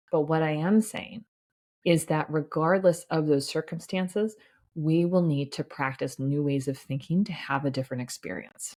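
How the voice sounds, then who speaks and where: Low-voiced woman coaching on a podcast. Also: normal speed, a little mellow. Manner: earnest and reassuring, with frequent "right?" asides and light laughs. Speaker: podcast host and life coach for physicians. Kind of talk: solo podcast monologue.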